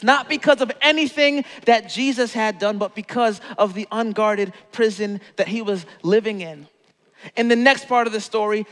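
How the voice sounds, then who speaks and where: A man's voice: sits high, a bit bright, long reverb tail. A man preaching a sermon as pastor, telling a story playfully and acting out the quotes.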